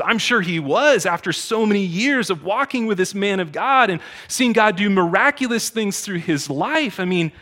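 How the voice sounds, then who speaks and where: A man preaching a sermon in a conversational way, dropping to quiet asides and rising to loud exhortations. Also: sits high. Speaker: pastor.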